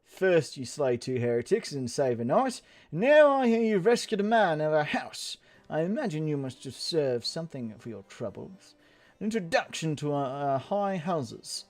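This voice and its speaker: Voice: medium pitch, very animated, normal speed, a little mellow, close to an everyday voice. A gamer reading as a stiff noble official. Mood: measured.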